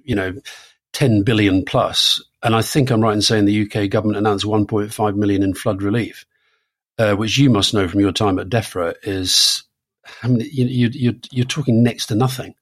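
A man's voice: lowish voice, steady tone, moderate pace. A man in his sixties co-hosting a political podcast, chatting casually with lots of restarts and fillers. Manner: conversational, with frequent restarts and fillers. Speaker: podcast co-host.

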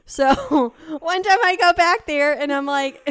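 A woman's voice: high-pitched, slow pace, fairly bright tone, dry recording, clean studio sound. A young woman from Argentina co-hosting a podcast, chatting casually, laughing often and swearing freely as she tells stories. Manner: giggly, storytelling, swears casually. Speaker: podcast co-host. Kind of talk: casual chat.

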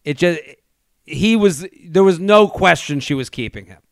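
A man's voice: a little high, lively intonation, normal speed, gravelly, no echo. A man from outside Boston co-hosting a casual recap podcast, ranting animatedly and laughing as he talks. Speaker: podcast co-host.

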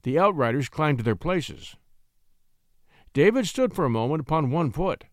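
A man narrating a classic short story in an expressive, scripted reading voice. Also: on the high side, normal speed, no room sound, studio quality. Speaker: audiobook narrator.

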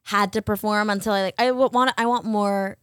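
A woman's voice: mid-range voice, steady tone, brisk, smooth, no echo, clean studio sound. A woman comedian in her thirties chatting casually as a podcast guest, trailing off and swearing freely. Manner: laughs a lot, swears, trails off.

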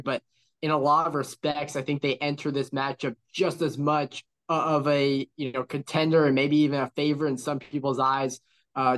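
A man's voice: a little high, fairly bright tone. Analytical man breaking down football games. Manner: measured and analytical, with many fillers like "you know" and "right?". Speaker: co-host of a college football podcast. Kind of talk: casual sports analysis chat.

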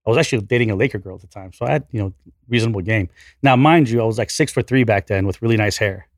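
A man in his forties, a podcast guest, telling a story in an animated, profane, self-deprecating way. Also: on the low side, rapid-fire, dry recording, clean studio sound. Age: 40s. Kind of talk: casual storytelling.

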